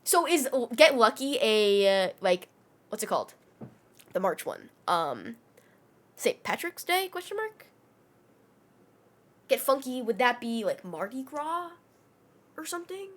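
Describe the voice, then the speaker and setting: A woman's voice: fairly high pitch, very animated, unhurried, pauses often, fairly bright tone. A young adult woman streamer chatting casually with her audience and talking sweetly to her cat. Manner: chatty, talks baby-talk to her cat.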